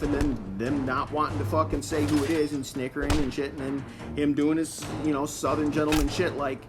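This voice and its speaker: A man from Michigan rants with constant swearing and sarcasm as he plays, his voice sitting a little high for a man. Game music plays clearly behind him. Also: little pitch movement, fairly quick. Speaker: gameplay commentator. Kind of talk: profane gameplay commentary rant.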